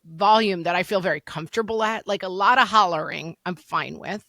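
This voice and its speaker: A woman in her forties co-hosting a podcast in casual chat, telling animated stories and acting out loud quoted voices. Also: lowish voice, brisk, vocal fry, no room sound, clean studio sound. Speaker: podcast co-host.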